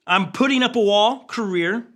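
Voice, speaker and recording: A middle-aged man preaching a sermon as a pastor, talking in a lively, jokey way and often acting out quoted voices. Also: sits high, moderate pace. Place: church stage.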